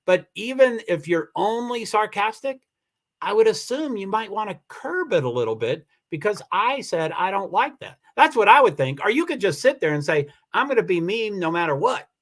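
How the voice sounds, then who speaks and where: A man's voice: sits high, big pitch swings, normal speed, a bit bright. Upset, rambling man hosting a livestream. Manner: rambling, upset, self-interrupting with restarts. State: emotional, near tears. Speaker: livestream host. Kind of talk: casual livestream chat reading comments. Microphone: computer mic for a live stream.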